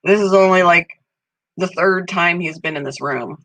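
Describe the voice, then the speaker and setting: A woman hosting a casual live stream from home, chatting with viewers and cooing at her pet parrot in a high voice. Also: normal speed, a bit bright, no echo, rough recording. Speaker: channel host. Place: home room.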